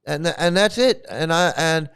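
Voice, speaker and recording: A man's voice: fairly high pitch, normal speed, a bit bright, clean tone. A man hosting his own channel, talking in a casual, rambling way, often repeating and restarting words, blunt and profane. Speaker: commentary channel host.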